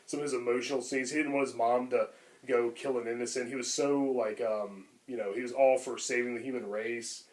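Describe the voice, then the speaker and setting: A man with a medium-pitched, darkish voice and fairly even intonation talks a little fast as a podcast co-host. He rambles casually and enthusiastically about films, filling his speech with lots of fillers.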